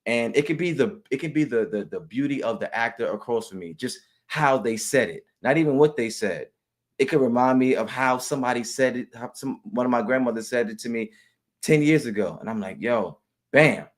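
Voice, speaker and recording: A man, an actor, talking casually in an interview, with relaxed, halting speech full of restarts and easy laughter. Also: medium pitch. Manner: relaxed, many restarts and repeated words, laughs often. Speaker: actor and guest.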